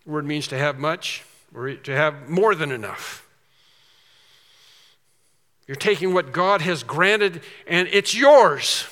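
Bright-voiced preacher in a reverberant hall. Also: male voice, a little high, expressive, slow pace, long pauses. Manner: emphatic preaching with rhetorical questions and answers. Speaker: pastor. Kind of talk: expository sermon.

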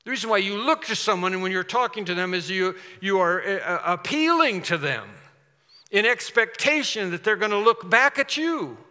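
A man delivers an emphatic sermon, his voice slightly high and bright with a forceful edge. He presses his listeners with rhetorical questions. The sound carries a long reverb from a large hall. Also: lively intonation, normal speed. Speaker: preacher.

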